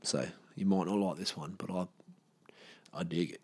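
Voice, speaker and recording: A man's voice: deep voice, steady tone, normal speed, darkish tone, breathy edge, no echo. A man hosting his own podcast, talking casually and bluntly with plenty of swearing. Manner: blunt, swears freely, rambling. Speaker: podcast host. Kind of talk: casual solo podcast outro.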